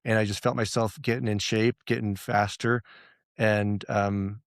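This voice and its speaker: A man's voice: fairly low pitch, level tone, unhurried, dry recording, studio quality. A man talking as a podcast guest, telling stories and quoting his own thoughts, laughing often. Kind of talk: casual interview chat.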